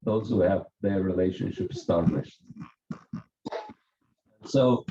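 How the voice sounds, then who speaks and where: Russian-accented man, slow mellow delivery, preaching in an echoey home, dull lo-fi recording. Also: sits low, slight background noise. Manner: slow, deliberate anecdote with light chuckles. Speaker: visiting monk giving a scripture class. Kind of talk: storytelling sermon. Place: home gathering indoors. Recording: roomy, dull lo-fi room recording.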